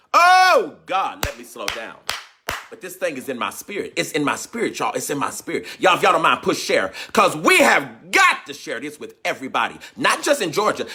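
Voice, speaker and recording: A man's voice: a little high, sharp tone, husky. A man hosting a livestream as a teacher, talking in a fervent, preaching style, repeating his phrases and calling out viewers by name.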